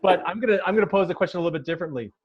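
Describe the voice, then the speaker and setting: Man, American, podcast host, casual and jokey, slightly high voice, dull lo-fi recording. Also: very fast. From United States. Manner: jokey, laughs often, many restarts. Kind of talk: casual chat. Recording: dull lo-fi sound.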